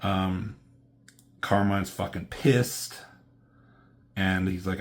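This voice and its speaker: A man's voice: low voice, level tone, extremely slow, pauses often. A man casually walking through a comic book in a review, rambling with lots of fillers and loose, profane slang.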